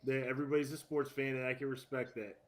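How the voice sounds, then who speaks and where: Male sports podcast co-host, casual and animated, laughs at his own jokes. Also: medium pitch, quick pace.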